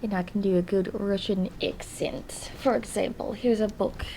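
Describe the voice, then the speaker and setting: A young woman playing an earnest, lonely diarist in a video diary, speaking hesitantly and softly, often slipping into whispers. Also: mid-range voice, steady tone, normal speed, gravelly, a little hiss or hum, close to an everyday voice, poor audio. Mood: confiding. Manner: hesitant and soft-spoken, drifting into whispers. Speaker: diary vlogger character. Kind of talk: in-character diary vlog.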